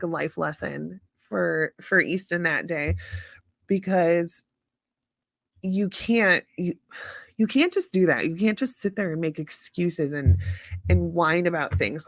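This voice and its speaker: A frank, no-nonsense woman chatting live with her viewers, her voice sitting a little low for a woman. She talks bluntly and swears freely, and the sound is close and dry with no room echo. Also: creaky, a bit bright. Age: adult parent. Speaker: host of a live chat stream. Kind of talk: casual chat with live viewers.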